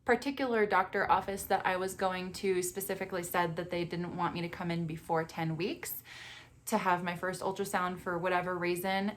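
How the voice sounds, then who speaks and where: A young woman chats to the camera in a casual vlog. She tells her story in an expressive, easygoing way and laughs often as she talks. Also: fairly low pitch. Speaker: vlogger and mother of twins.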